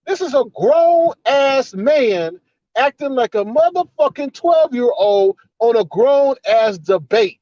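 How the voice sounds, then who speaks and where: A man's voice: very high-pitched, big pitch swings, slow, mellow, no echo. A man giving an indignant, profane, repetitive rant in a commentary vlog. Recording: slightly dull, dry recording.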